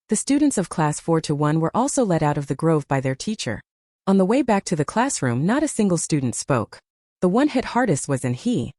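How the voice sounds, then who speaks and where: Woman narrator, scripted story, low, lively, mellow, dry close sound. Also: no echo.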